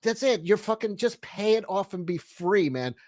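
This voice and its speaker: A man's voice: sits high, moderate pace, no room sound. A man hosting a casual livestream chat, swearing a lot and laughing as he talks. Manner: profane, animated, laughing often. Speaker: podcast host.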